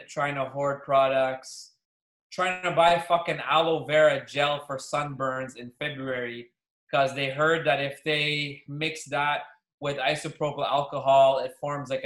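Profane animated man in an echoey room. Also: medium pitch. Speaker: podcast co-host, pharmacist. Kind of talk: casual chat.

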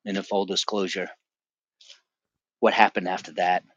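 A man's voice: sits low, flat delivery, moderate pace, no room sound, lo-fi sound. A man in his forties from the Boston area, a podcast guest telling his personal testimony in an intense, emphatic way with frequent restarts. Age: 40s.

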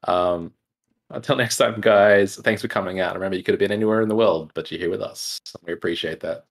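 A young man with a deep, low-pitched voice hosts a casual podcast. He talks in a laid-back way, laughing easily and filling pauses with ums and uhs. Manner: laid-back, laughs often, filler-heavy. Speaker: podcast host.

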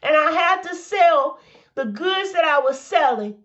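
A woman's voice: high voice, expressive, measured pace, a bit bright, highs cut off. A woman preaching a devotional message, exhorting listeners and repeating calls of encouragement, a little tearful. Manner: exhorting, repeats "come on now".

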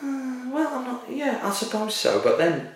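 A man trades dry, jokey banter in a relaxed podcast chat. His voice sits mid-range and comes from a distance off the mic. The room around him rings with strong echo. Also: very high voice, normal speed. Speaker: podcast co-host. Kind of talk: casual chat.

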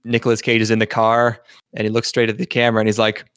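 Low-voiced man chatting on a dry mic. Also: completely flat delivery, fast, a bit bright, clean tone, dry recording. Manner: laughs often, loose and rambling. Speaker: podcast co-host. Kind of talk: casual chat.

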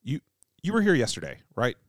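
A man's voice: medium pitch, huge pitch swings, fairly quick. A man hosting a church podcast, chatting casually and teasing his guest in a friendly way. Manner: friendly, teasing, trails off softly. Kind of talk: casual interview chat.

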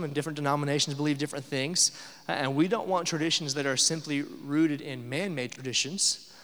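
A man's voice: on the high side, fairly bright tone, big-room sound. A young adult man preaching a sermon as pastor, conversational, with filler uh's and rhetorical questions.

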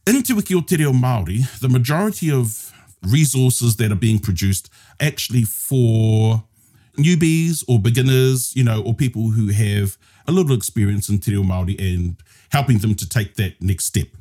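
A man with a New Zealand accent guests on a podcast, patiently teaching Māori grammar and moving back and forth between Māori and English. His medium-pitched voice is warm and expressive, at a moderate pace, in the style of a casual podcast lesson.

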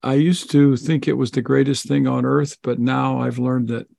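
A man answering interview questions in a relaxed, chatty way. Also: mid-range voice, moderate pace, vocal fry, no echo. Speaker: guest author.

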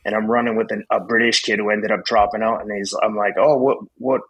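A man in his fifties, a podcast guest, telling a story in a blunt, profane, excitable way. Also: fairly low pitch, fast talker, husky, lo-fi sound. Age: 50s. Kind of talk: casual storytelling.

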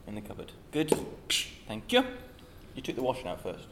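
A man's voice: mid-range voice, wildly swooping pitch, normal speed, creaky, very noisy. Teasing mock-earnest man co-host. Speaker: comedy podcast co-host. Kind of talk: improvised comedy chat.

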